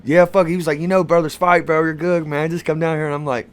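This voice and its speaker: A man's voice: a little high, little pitch movement, fast talker, clean tone. A man co-hosting a podcast, telling a fight story in a rowdy, profane way and laughing through it. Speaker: podcast co-host. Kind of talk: casual storytelling chat.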